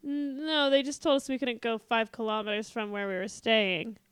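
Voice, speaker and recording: A young adult woman in casual chat, telling an animated story full of quoted voices and frequent laughter. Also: fairly high pitch, normal speed, clear, resonant tone, no echo. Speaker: guest telling a travel story.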